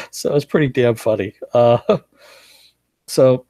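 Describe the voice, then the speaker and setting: A man's voice: mid-range voice, warm tone, no room sound. A man giving a casual live recap of a TV episode, chatty and often laughing as he retells scenes. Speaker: show reviewer.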